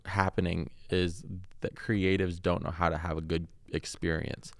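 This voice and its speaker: A man co-hosts a casual podcast, talking in loose, rambling stretches and laughing easily. His voice sits a bit low. The sound is dry and close, with no room around it. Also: level tone, normal speed, vocal fry, dry recording. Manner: rambling, laughs often, restarts sentences. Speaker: podcast co-host.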